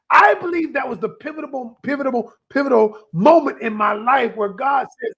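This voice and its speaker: A relationship coach with a very high-pitched, slightly bright and rough voice speaks at a moderate pace on a live stream. Holding a handheld mic, he emotionally shares a personal story and calls his viewers "y'all." The audio is dry and low quality.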